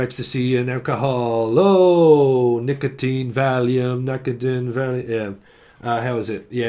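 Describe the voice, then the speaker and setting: Guy doing a tarot reading, chatty and sweary, rambles all over, average-pitched voice. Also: darkish tone. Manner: chatty, swears freely, chuckles often, drifts off topic. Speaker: tarot reader. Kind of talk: casual rambling monologue.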